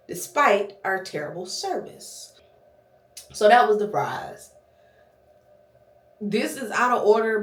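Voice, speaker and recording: A woman vlogger telling a restaurant story as a casual, profane, animated rant. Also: mid-range voice, reverberant.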